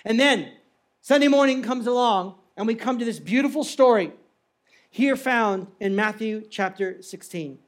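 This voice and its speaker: A high-pitched man preaches to his congregation as a dramatic storyteller. His delivery climbs into loud, urgent bursts, then drops to hushed, quiet passages. He sounds like a pastor in a church hall. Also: moderate pace. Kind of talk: sermon.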